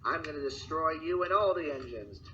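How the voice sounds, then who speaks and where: A man's voice: fairly high pitch, lively intonation, normal speed, bright, forceful tone, muffled recording, a little hiss or hum. A man voicing an evil, scheming diesel engine, gloating and menacing.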